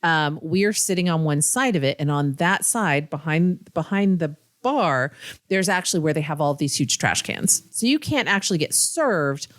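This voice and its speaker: A woman's voice: deep voice, lively intonation, normal speed, no room sound, clean studio sound. Swearing woman telling a bar story. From Ohio. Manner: swearing, rambling anecdotes with voiced quotes. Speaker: podcast co-host. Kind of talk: casual storytelling chat.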